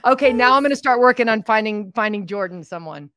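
A woman's voice: on the high side, lively intonation, fast talker, a crowd in the background. A woman hosting a podcast, reacting with enthusiastic laughs and exclamations. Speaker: podcast host. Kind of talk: casual chat.

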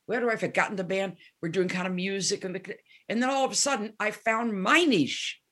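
A guest musician in her seventies chats briskly in a mid-range voice during a casual interview. She's a lively storyteller who acts out the dialogue as she goes.

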